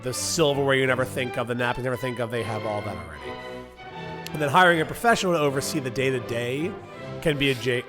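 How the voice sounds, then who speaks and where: A man's voice: mid-range voice, quick pace, music in the background. Casual man reading wedding tips. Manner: reads tips aloud then riffs, swears casually. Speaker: podcast co-host.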